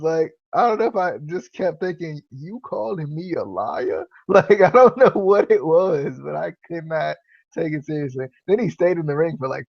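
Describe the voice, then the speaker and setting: A man's voice: a little high, gravelly, no room sound. A man hosting a podcast, chatting casually in a rambling, filler-heavy way and laughing easily. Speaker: podcast host. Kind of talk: casual wrestling review chat. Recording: dull, lo-fi podcast recording.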